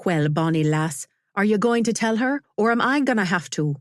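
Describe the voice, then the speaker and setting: A woman voicing an older, warmhearted Irish aunt who teases with a thick Irish brogue. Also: medium pitch, lively intonation, normal speed, dry recording, studio quality, pitched above the performer's own voice, close to an everyday voice. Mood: teasing. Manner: teasing, motherly.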